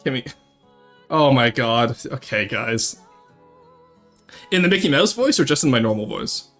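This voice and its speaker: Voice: mid-range voice, lively intonation, a little slow, a bit bright, faint music behind. A VTuber streamer chatting casually with viewers at home, teasing and laughing often. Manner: joking and teasing, laughs often, talks straight to chat. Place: home, second-floor room.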